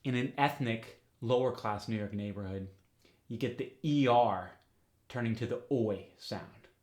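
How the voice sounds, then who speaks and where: A middle-aged man teaching an accent lesson at an unhurried pace. He talks in a medium-pitched voice and lays each point out methodically, one example at a time. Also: darkish tone. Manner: methodical, explains step by step with examples. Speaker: accent coach. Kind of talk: instructional explanation.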